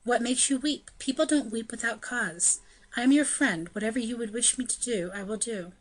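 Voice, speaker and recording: A woman's voice: a little high, lightly acted, low-quality recording. A woman reading the part of a bold young noblewoman who teases and insists in an audiobook. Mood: coaxing. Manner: brisk, teasing, insistent.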